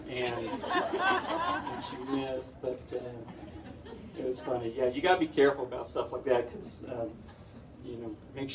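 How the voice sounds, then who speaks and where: A middle-aged man does chatty, self-deprecating stand-up comedy, chuckling through his stories in a mid-range voice. He is recorded from far off in an echoey indoor event hall with slight background noise.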